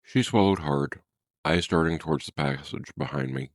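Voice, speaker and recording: A man's voice: extremely low pitch, normal speed, no echo, clean studio sound. A man reading a first-person horror story in a grave, tense, dramatic way.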